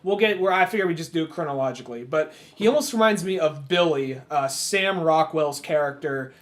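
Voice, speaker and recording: A man with a notably high speaking voice co-hosts a casual podcast about films. He rambles through his thoughts with plenty of fillers and slips into little acted-out quotes of the characters. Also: fairly quick. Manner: rambling, many fillers, acts out quoted lines. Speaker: podcast co-host. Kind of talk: casual film discussion.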